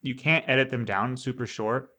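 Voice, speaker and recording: Brief: male podcast co-host, mid-pitched, explanatory and conversational. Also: fairly even intonation, normal speed, bright, forceful tone. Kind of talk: casual chat.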